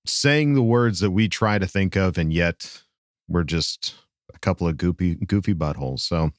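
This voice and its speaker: A man's voice: low-pitched, moderate pace, no room sound, studio quality. A man co-hosting a podcast, joking and laughing often in casual chat. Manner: jokey, laughs often, lively delivery. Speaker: podcast co-host and voice actor.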